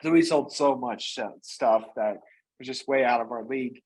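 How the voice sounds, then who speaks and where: Man, interview guest, casual energetic storytelling, average pitch, frequent "you know". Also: moderate pace, poor audio. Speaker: guest, company founder and CEO.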